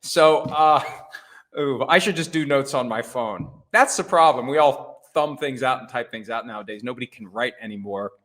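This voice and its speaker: A man's voice: medium pitch, moderate pace, a bit bright. A middle-aged man hosting a solo sports talk show, wry and conversational with punchy emphasis and self-deprecating asides. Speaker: host.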